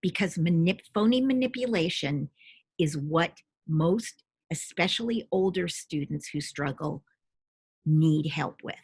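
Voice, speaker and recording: A middle-aged woman with a husky, somewhat low voice explains reading instruction to parents. She talks patiently, with a lively, rising and falling pitch, and sounds out syllables and single sounds slowly. The recording is dry and close. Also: no echo. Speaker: reading expert.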